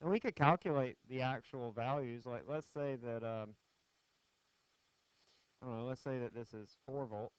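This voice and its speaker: A man's voice: mid-range voice, moderate pace, long pauses, smooth, no room sound. A man giving a physics lecture, putting questions to the class in a conversational, joking way. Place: lecture hall. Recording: dull lo-fi classroom screencast audio, dry.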